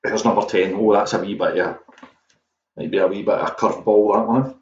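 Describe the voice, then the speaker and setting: A man's voice: lowish voice, fairly even intonation, a little fast. A Scottish man hosting a quiz, chatting casually and wandering off on self-mocking tangents. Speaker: quiz host. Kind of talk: casual rambling livestream chat. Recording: echoey, dull lo-fi audio with faint noise.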